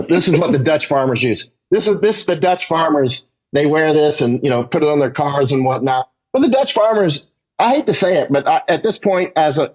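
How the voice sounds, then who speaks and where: Husky guy ranting in an interview, kinda high voice, keeps saying right?. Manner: emphatic, rising pitch when worked up, many "right?" tags. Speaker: war correspondent guest. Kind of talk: animated interview monologue.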